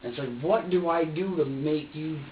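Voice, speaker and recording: A man's voice: on the high side, normal speed. A man being questioned in an interrogation room, talking in rambling, repetitive bursts and replaying his own words. He sits away from the mic in a bouncy room, with a dull, lo-fi sound and a faint hiss behind him. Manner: rambling, repeats himself, acts out what he said. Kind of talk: police interrogation. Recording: echoey, distant, dull lo-fi room recording.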